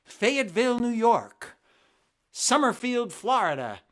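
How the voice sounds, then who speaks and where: A man's voice: extremely high pitch, sing-song, unhurried. A man in his sixties from New Jersey, hosting a live family concert, chatting in a friendly, rambling way and thinking aloud between songs. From New Jersey, USA. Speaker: children's singer and concert host.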